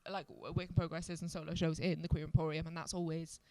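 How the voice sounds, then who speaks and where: A woman's voice: low-pitched, fast talker, crowd noise. A woman in her thirties from Wales, a stand-up comedian, telling stories in casual podcast chat with frequent laughter. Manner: animated storyteller, laughs often.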